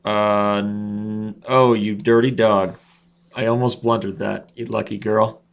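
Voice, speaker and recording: A man's voice: lowish voice, little pitch movement, slow, vocal fry. A man in his thirties hosting a live chess stream, commentating his own games with playful trash talk and asides to viewers.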